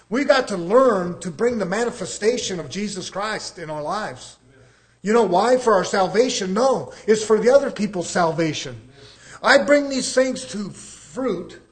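A middle-aged man gives a sermon in an animated, high-pitched voice at a normal speed. He asks rhetorical questions of his listeners and shifts between loud emphasis and quieter passages.

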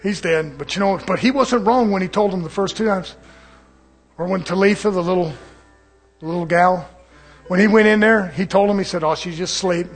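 A man preaching an evening sermon in a church, fervent, swinging between shouted lines and hushed asides. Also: sits high, normal speed, pauses often, faint music behind.

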